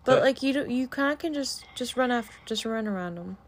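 A woman co-hosting a horror-game let's play, chatting casually and softly with her partner, often giggling. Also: on the high side, expressive, a little fast, a little hiss or hum. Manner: soft-spoken, giggly, laid-back. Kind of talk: casual gameplay chat.

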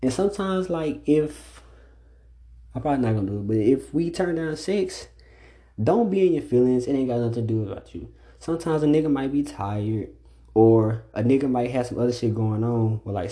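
A man's voice: mid-range voice, dark tone. A young man hosting a solo podcast, speaking in with a blunt, profane, ranting delivery that keeps building emphasis. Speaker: podcast host. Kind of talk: solo casual podcast monologue.

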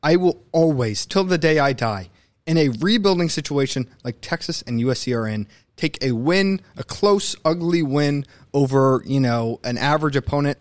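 A man's voice: mid-range voice, normal speed, dry recording. Opinionated young man on a dry mic. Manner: animated, opinionated, mimics coaches mid-rant. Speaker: sports podcast co-host. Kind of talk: casual sports talk.

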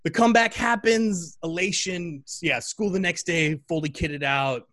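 A man's voice: fairly high pitch, measured pace, a bit bright, dry recording. A man in his thirties telling a story casually and animatedly, acting out the voices of the people in it. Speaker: guest.

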